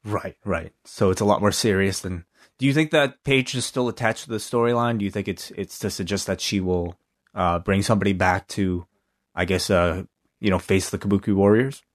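A man co-hosting a casual podcast, reacting with animated comments and frequent restarts. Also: low voice, moderate pace. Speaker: podcast co-host. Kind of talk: casual chat.

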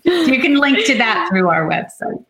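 Woman, co-host, casual chat, lively swings in pitch, teasing, echoey room. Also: normal speed. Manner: lively and joking.

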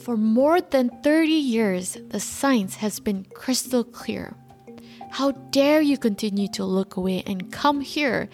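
Woman impersonating a trembling teen girl activist, loud impassioned scolding. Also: a little high, voice pushed up. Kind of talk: dramatic speech impression.

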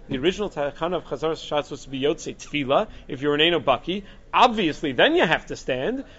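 A man teaching a class on Jewish law, lecturing in a lively way and mixing in Hebrew terms. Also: a little high. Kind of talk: halacha class. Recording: dull lo-fi recording.

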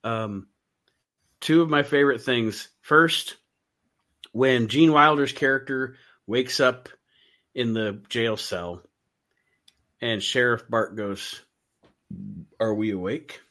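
A man hosting a casual chat about films, animated, often laughing and restarting his sentences. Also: mid-range voice, slow, pauses often. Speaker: podcast host.

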